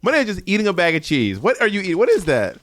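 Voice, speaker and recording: A man from Atlanta co-hosting a podcast, telling teasing, animated stories in casual chat. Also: high-pitched, racing. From Atlanta, USA. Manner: animated, teasing storyteller with playful mock quotes. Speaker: podcast co-host.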